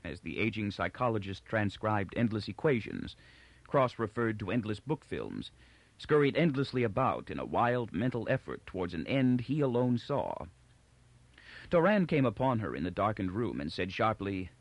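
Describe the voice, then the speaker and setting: Man narrating an audiobook, expressive. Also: on the low side, no room sound. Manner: measured storytelling. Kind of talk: scripted narration.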